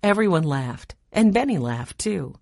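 Woman narrating a kids' audiobook, low voice, close dry mic. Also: very animated, measured pace, gravelly, darkish tone, no room sound.

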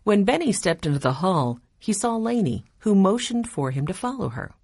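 A woman narrating a children's storybook aloud in an expressive reading style. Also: mid-range voice, normal speed, slightly rough, no echo, clean studio sound.

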